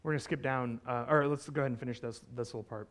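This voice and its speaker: A man preaching a conversational sermon, retelling a scripture story with animated asides and frequent "right?" check-ins. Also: mid-range voice, very fast. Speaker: pastor.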